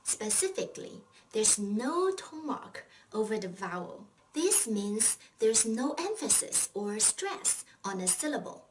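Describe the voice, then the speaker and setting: A woman gives a scripted language lesson in a slow, patient and encouraging way, with her pitch rising and falling in a lively, animated way. She sounds a little set back from the microphone, with a faint hiss under her voice. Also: far from the mic. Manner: patient, encouraging, pauses for learner replies. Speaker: Chinese language teacher.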